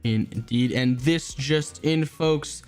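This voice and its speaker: A man's voice: mid-range voice, slow pace, darkish tone, faint music behind. A man casually commentating a mobile esports tournament, chatty and rambling, often restarting his sentences. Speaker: esports caster.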